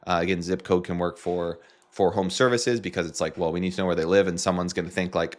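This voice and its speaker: A man's voice: deep voice, a little fast. A man with a Canadian accent, casually walking through a marketing tutorial with joking asides. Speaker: marketing coach. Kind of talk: screen-share tutorial.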